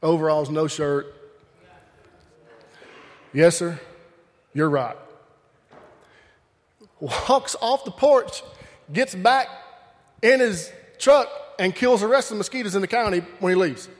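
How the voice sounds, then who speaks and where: A man from Alabama with a Southern accent preaches a humorous storytelling sermon, sharing folksy, funny stories and talking straight to the crowd. His high voice is animated and moderately paced, and the recording has a long hall reverb.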